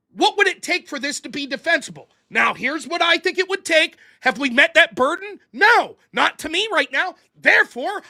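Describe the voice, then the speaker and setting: An American man hosting a political livestream, ranting in an exasperated, profane, animated way. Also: very high voice. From United States. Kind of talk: ranting commentary.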